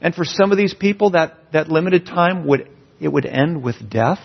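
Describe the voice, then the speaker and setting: A pastor delivers a sermon, his voice a little husky and pitched somewhat high. He talks earnestly and leans hard on his key phrases. The recording sounds dull and slightly lo-fi. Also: animated, moderate pace.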